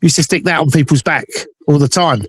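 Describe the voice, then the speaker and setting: A man's voice: a little high, a little fast, slightly rough, no room sound, clean studio sound. A man chiming in with jokes and memories in a casual chat. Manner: laughing, jokey, chiming in.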